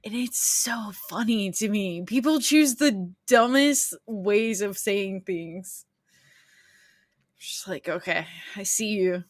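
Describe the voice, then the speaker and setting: A woman's voice: medium pitch, slow pace, no room sound, studio quality. A woman co-hosting a podcast in casual chat, wry and laughing about work. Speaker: podcast co-host.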